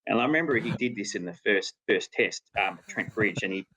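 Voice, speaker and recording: Guest spot: middle-aged Aussie man, deepish voice, rambling anecdote, laughs at himself. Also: expressive, a little fast, pushed and bright, husky, low-quality recording. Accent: Australian. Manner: rambling with restarts, laughing at his own story. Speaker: podcast guest, former cricketer. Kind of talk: casual storytelling.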